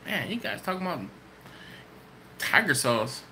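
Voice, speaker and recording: A man's voice: on the high side, very animated, measured pace, pushed and bright, a little hiss or hum. A man hosting a live barbecue channel stream, answering chat questions in a loose, rambling way and laughing often. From Maryland, US. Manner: casual, rambling storyteller with frequent laughs.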